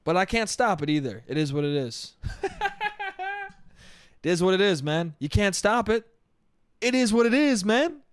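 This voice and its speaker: A man's voice: high-pitched, animated, brisk, clear, resonant tone, no echo. A man hosting his own podcast, talking alone in a rambling, profane way and calling everyone "dude". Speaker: podcast host. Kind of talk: casual solo podcast monologue. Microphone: studio podcast mic.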